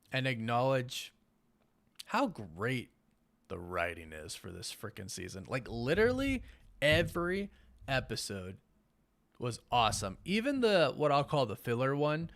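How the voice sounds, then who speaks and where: Young male host of a late-night live stream; tired, yawning, halting and rambling but upbeat. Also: medium pitch, wildly swooping pitch. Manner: rambling, halting with many fillers and restarts; enthusiastic, warmly thanks viewers. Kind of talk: casual live-stream chat.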